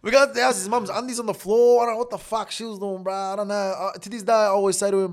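Gravelly, swearing man telling stories. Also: high voice, fast, few pauses. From Australia. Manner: profane, animated storyteller, laughs mid-story. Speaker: guest. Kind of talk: casual storytelling.

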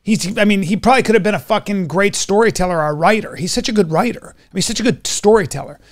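A man's voice: high-pitched, fast. A man telling a story in a casual chat, acting out quoted dialogue with energy. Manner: animated retelling with quoted dialogue. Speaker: podcast guest.

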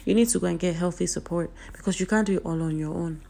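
A woman's voice: lowish voice, fast, gravelly, dark tone. A woman from Nigeria, giving an earnest, emphatic motivational talk to her viewers, repeating her key points, her voice a little off today. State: voice a bit off today.

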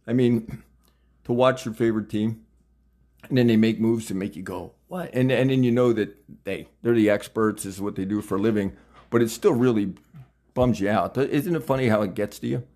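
Talkative man in his sixties, casual interviewer, eager and upbeat, a bit low-pitched. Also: brisk, darkish tone. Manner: chatty, enthusiastic, laughs often.

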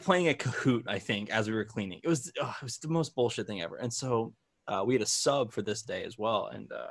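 A young man hosting a podcast, telling a rambling story in casual chat, full of fillers and swearing. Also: fairly low pitch. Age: young adult. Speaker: podcast host.

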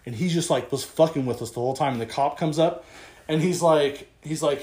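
A man's voice: a little high, brisk. A young man co-hosting a podcast, telling a story in casual chat and acting out the voices of the people in it. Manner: animated, swearing, acts out quotes. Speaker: podcast co-host. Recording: echoey room.

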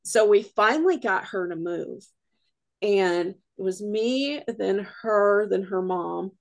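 A woman's voice: medium pitch, expressive, takes it slowly, gravelly. A woman guest on a podcast, a paranormal investigator, telling a rambling story full of quoted dialogue in a casual way.

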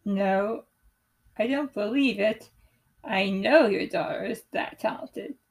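A woman's voice: mid-range voice, slow, creaky, rough recording. A young woman reading the lines of an encouraging male ballet instructor in her own voice, firm and praising.

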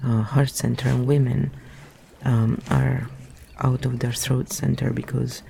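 A man's voice: mid-range voice, flat delivery, a little slow, gravelly, warm tone, a little hiss or hum. A man reading a book aloud and breaking off into rambling, musing asides. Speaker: reader.

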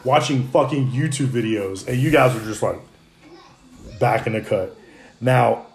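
A man in his thirties hosting a podcast, telling profane, animated stories to friends in his kitchen. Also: medium pitch, measured pace, creaky. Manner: profane, animated storyteller who laughs a lot. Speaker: podcast host. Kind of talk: casual storytelling among friends. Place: home kitchen.

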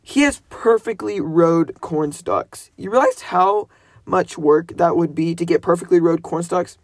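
A man's voice: fairly high pitch, unhurried, no room sound, clean studio sound. A man casually commenting on a movie, chatty and correcting himself as he muses. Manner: chatty, self-correcting musing.

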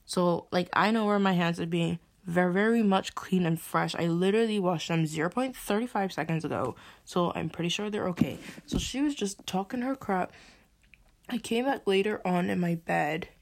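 A woman's voice: fairly low pitch, moderate pace, gravelly. A young woman, venting and swearing as she hosts a podcast. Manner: exasperated ranting, swearing. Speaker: podcast host. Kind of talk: venting monologue.

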